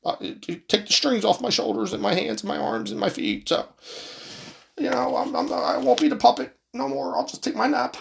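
A man putting on a mocking impression of a feeble, confused old male president, in a high, thin, drowsy mumble. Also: lively intonation, fairly quick, creaky, few pauses, exaggerated voice. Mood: whiny.

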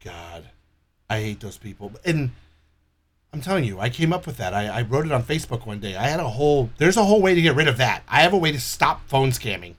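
A man in casual podcast chat, cursing freely and telling stories with animated energy. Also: medium pitch, brisk. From Los Angeles area. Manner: profane, animated storyteller.

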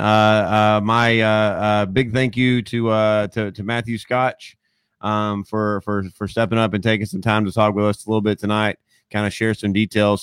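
A young man hosting a casual podcast, relaxed and stammering, often repeating words and calling people dude and man. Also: fairly low pitch, clear, resonant tone, no echo. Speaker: podcast host.

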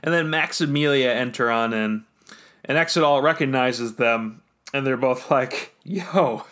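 A man's voice: medium pitch, moderate pace, fairly bright tone, clean tone. A man narrating a tabletop role-playing session as game master, rambling with many fillers. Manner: rambling, full of fillers and restarts.

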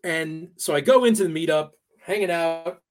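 A man with a fairly high voice tells a long personal story in a relaxed interview. He talks in a halting way, with frequent restarts and fillers as he gathers his thoughts. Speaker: podcast guest. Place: New York area.

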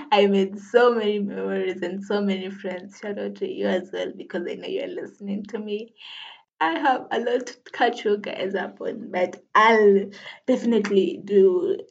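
A woman's voice: medium pitch, unhurried, vocal fry. Chatty young woman podcaster, lo-fi sound. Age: 20s. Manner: chatty, laughs often, self-deprecating. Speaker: podcast host. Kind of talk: casual solo podcast chat.

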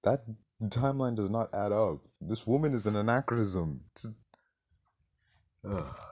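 A man's voice: on the low side, animated, measured pace, very noisy. A man reviewing a movie in a casual rant, exasperated, swearing and firing off rhetorical questions.

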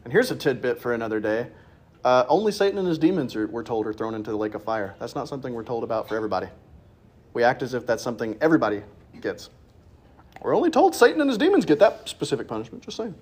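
A man teaching a casual Bible class in a church classroom, joking and animated, his voice jumping high when he makes a point. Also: fast, breathy edge.

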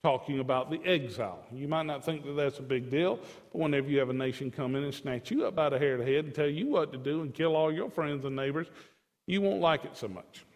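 A man preaching a sermon with passion, swinging between loud declarations and hushed pleading. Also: on the high side, fast talker, long reverb tail.

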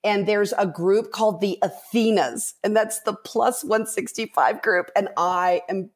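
Podcast guest, woman, animated storyteller who acts out the voices of others. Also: medium pitch, measured pace, husky. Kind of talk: casual storytelling.

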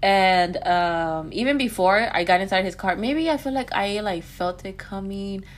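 A woman's voice: medium pitch, moderate pace. A woman guest talking in a candid, rambling way, full of filler words, in a casual podcast conversation.

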